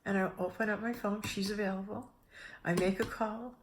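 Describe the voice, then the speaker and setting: A middle-aged woman giving a casual spiritual talk, telling a personal story with lively restarts and acted-out inner voices. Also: mid-range voice, normal speed, slight background noise. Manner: animated, restarts often, acts out her own inner voices. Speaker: spiritual speaker.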